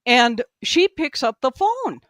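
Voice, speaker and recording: A woman's voice: high-pitched, big pitch swings, takes it slowly, a bit bright. A woman recounts a story as a podcast guest, talking loosely and circling back with "like" and "um" as she goes. Her voice comes through a video call with a dry, close sound and no room echo. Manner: rambling, filler-heavy, lots of "like" and "um". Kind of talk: casual storytelling.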